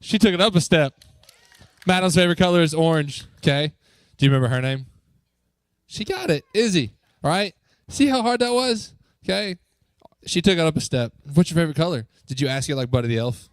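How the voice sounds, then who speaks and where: A man talks to a youth group in a church, upbeat and joking as he coaxes the crowd with quick questions. His voice sits a little high for a man, and the sound is close and dry. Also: lively intonation, no echo. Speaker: youth pastor. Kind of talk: lively talk to a youth group.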